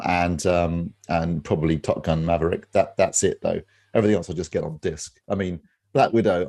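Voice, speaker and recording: A man with a husky voice, blunt and opinionated, chatting casually on a podcast and swearing freely. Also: deep voice, mellow. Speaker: home cinema reviewer.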